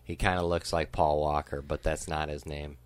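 A young man in casual chat outdoors by a grill, rambling through a story with heavy swearing and loud bursts of laughter. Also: rumbling low, little pitch movement, normal speed, clean tone.

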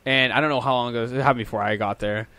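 A man's voice: mid-range voice, fairly even intonation, rapid-fire, sharp tone, no room sound. A young man in his twenties telling rambling stories in casual chat, swearing constantly and often breaking into laughter.

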